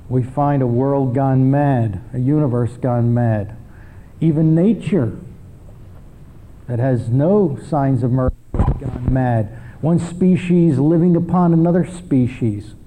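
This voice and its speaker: A man teaching a church class in a measured, explanatory sermon style. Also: mid-range voice, mellow, low-quality recording. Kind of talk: sermon lecture.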